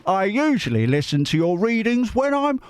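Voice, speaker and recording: A man putting on a high, chirpy mock-Cockney fan. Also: sing-song, normal speed, clean tone, no room sound. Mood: cheery. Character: male viewer in a mock Cockney voice. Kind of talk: reading a viewer message aloud.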